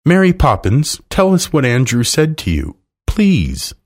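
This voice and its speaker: A man's voice: mid-range voice, wildly swooping pitch, a little slow, a little mellow, voice pushed up. A man voicing a curious, eager young girl. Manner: pleading, eager.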